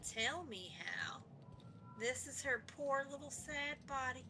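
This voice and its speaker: A woman streaming a video game with playful, goofy commentary, often dropping to whispers and then jumping to shouts. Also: high voice, slow pace, a little hiss or hum. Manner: goofy, theatrical, drops to whispers and jumps to shouts.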